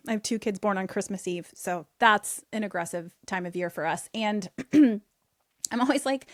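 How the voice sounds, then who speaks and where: A woman in her thirties, herself an author and podcast host, guests on a casual podcast, speaking upbeat and emphatically about her views. Her medium-pitched voice moves at normal speed in clean studio sound with no room tone.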